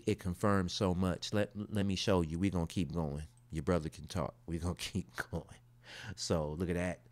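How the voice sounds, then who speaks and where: A man's voice: deep voice, darkish tone, no echo. A man from the United States talking casually as he reacts to his results, with slangy asides in a laid-back, conversational way. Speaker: vlogger.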